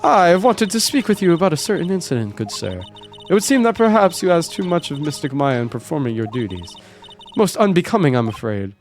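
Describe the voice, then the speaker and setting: A man's voice: fairly high pitch, very animated, brisk, faint music behind. A man voicing a stern, formal older woman, an aunt who is a spirit medium, speaking in a proper, old-fashioned way. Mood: haughty.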